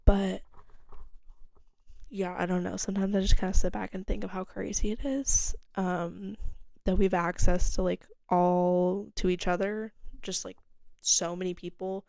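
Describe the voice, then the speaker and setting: A woman's voice: medium pitch, level tone, unhurried, vocal fry, warm tone, no echo. A young woman hosting her own podcast, rambling candidly in a casual solo monologue, full of "like" and casual swearing. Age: young adult. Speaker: podcast host.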